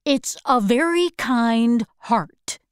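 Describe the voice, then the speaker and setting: A small, kindly old wizard, put on lightly by a woman reading aloud, calm and reassuring. The storybook delivery is very slow with lively pitch, recorded close and dry. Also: clean tone, dry recording.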